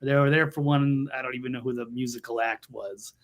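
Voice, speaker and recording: Gravelly man giving scornful commentary. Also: mid-range voice, steady tone, fairly quick. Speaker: co-host. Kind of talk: casual political talk.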